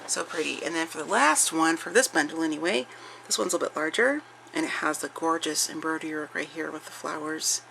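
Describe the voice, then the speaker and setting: A woman's voice: sits low, a little fast, creaky, bright, forceful tone, slight background noise, rough recording. A middle-aged woman showing off a craft haul in chatty show-and-tell style, gushing over each piece with many fillers and restarts. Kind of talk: casual show-and-tell chat.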